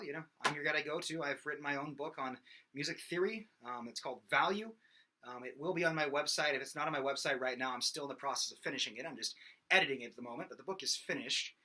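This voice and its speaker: A fast-talking young man with a fairly high voice teaches singing casually, with slight background noise in the recording. He's a vocal instructor whose rambling, filler-heavy talk gives way to loud sung examples.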